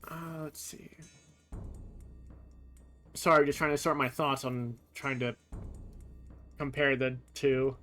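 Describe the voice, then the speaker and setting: A streamer giving casual commentary over gameplay, comparing translations in a thoughtful, halting way with frequent pauses to sort out thoughts. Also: mid-range voice, steady tone, fairly bright tone. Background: faint game music.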